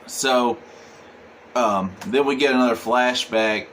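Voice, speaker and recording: A man's voice: medium pitch, slow, a bit bright, slight background noise. A man reviewing a comic book, recapping the plot casually with many fillers and "he's like". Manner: rambling, full of "he's like" and "um".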